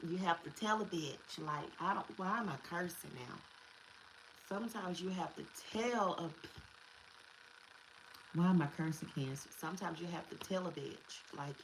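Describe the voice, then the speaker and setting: A woman's voice: lowish voice, slight background noise, low-quality recording. A woman giving a casual spiritual tarot reading, emphatic and repetitive, slipping into slang and curses. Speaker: tarot reader.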